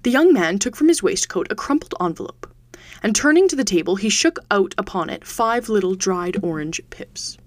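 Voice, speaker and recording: A woman reading a classic detective story aloud as a podcast host, measured and steady. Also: medium pitch. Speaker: podcast reader. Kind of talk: audiobook narration.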